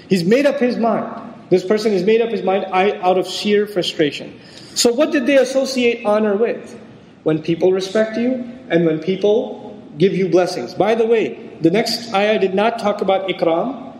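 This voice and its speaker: A Quran lecturer speaks on scripture in a conversational style, acting out the voices of those he quotes. His voice is high and a little mellow, and the recording has the long reverb of an echoey hall.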